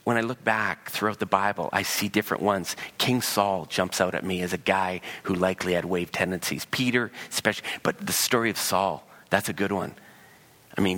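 A man preaching a sermon as pastor, animated and acting out voices in the dialogue he quotes. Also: on the low side.

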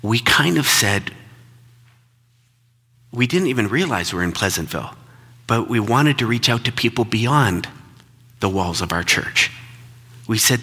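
Husky-voiced male pastor in reverberant hall. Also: medium pitch, lively intonation, measured pace, pauses often, sharp tone. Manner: conversational, reflective, repeats words when emphatic. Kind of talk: sermon storytelling.

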